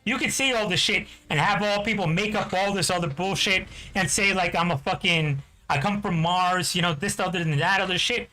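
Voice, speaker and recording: A man's voice: sits high, normal speed, hardly any pauses, sharp tone, poor audio. A man from New Jersey, a game streamer, ranting angrily with heavy swearing and constant "you know what I'm talking about" fillers. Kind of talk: angry ranting chat.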